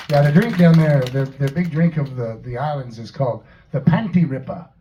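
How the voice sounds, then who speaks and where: A man's voice: mid-range voice, normal speed, dark tone, dull audio, soft background music, some chatter behind. A man from Tennessee, a singer-songwriter telling joking, laid-back stories between songs at a house concert. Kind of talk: live stage banter between songs.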